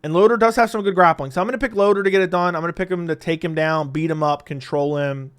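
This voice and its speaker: A man casually breaking down fight predictions, blunt and profane, laughing often and swinging between loud bursts and quiet asides. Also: fairly high pitch, fairly even intonation, fast talker, clean tone. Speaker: MMA predictions commentator.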